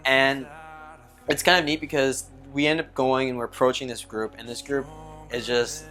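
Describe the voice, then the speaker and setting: A man with a bright, forceful voice recounts a faith testimony in quick, conversational bursts. Faint music plays behind him. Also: medium pitch, steady tone. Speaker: youth ministry team member. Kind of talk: personal testimony storytelling.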